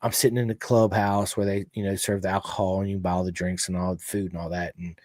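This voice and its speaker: An American man hosting a podcast, telling stories in a loud, animated way and swearing freely. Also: deep voice, fast, no room sound, clean studio sound. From United States. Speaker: podcast host. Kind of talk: casual storytelling chat.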